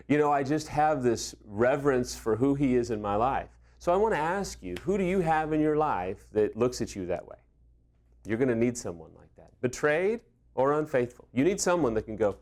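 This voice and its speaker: A man's voice: mid-range voice, lively intonation, fairly quick, a little mellow. A middle-aged man speaking as a recovery coach, giving earnest, conversational advice and acting out bits of dialogue. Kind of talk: direct-to-camera advice talk.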